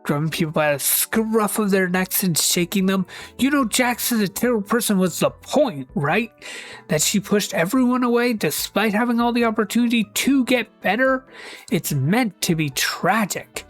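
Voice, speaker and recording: A woman giving casual commentary on fan posts with wry, deadpan asides and quick switches into character voices. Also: mid-range voice. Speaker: video essayist reading fan posts. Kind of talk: casual scripted commentary with skits. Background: faint background music.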